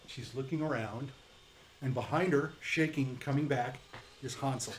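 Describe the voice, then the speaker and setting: A man's voice: mid-range voice, moderate pace, a little hiss or hum. Chatty man narrating as game master.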